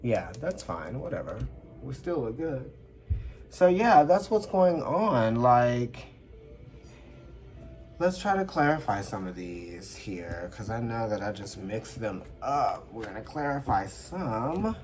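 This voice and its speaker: A man giving a casual tarot reading to camera indoors under a ring light. He is chatty and expressive, checks in with his listeners often and calls them honey. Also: mid-range voice, takes it slowly, faint music behind. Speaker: tarot reader.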